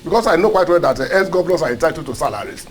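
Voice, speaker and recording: A man's voice: fairly high pitch, very animated, very fast. A man co-hosting a studio show, giving earnest, argumentative political commentary and repeating words as he builds his point. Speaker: co-host and commentator. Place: broadcast studio.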